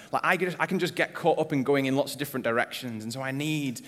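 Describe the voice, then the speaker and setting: A man's voice: mid-range voice, quick pace, hardly any pauses, a bit bright. A man preaching a sermon as a pastor, conversational and earnest, asking the congregation rhetorical questions. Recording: long reverb of a church hall.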